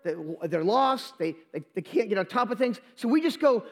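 This pastor's voice is very high and very animated as he preaches a live Sunday sermon at a moderate pace. He repeats phrases to drive points home and restarts words, using a handheld or stand microphone.

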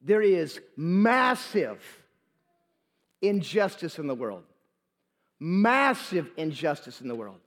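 Pastor guy preaching slow at a sunday service, kinda high voice, repeats himself a lot. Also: very animated, a bit bright. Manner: repeats phrases for emphasis, stammers on restarts. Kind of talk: sermon. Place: church during a live Sunday service. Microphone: handheld or stand microphone.

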